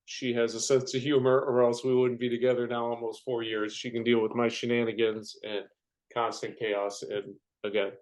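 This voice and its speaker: A man's voice: fairly low pitch, a little mellow, poor audio. A young man, a firefighter guest on a podcast, telling jokey stories and acting out quotes. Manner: joking storyteller, acts out quotes. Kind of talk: casual conversation.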